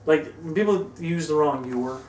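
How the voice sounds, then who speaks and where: Male co-host, slightly high voice, dry wit, roomy far-off sound with faint hiss. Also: moderate pace. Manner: wry, deadpan quips. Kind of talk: casual banter. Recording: roomy echo, distant mic, faint hiss.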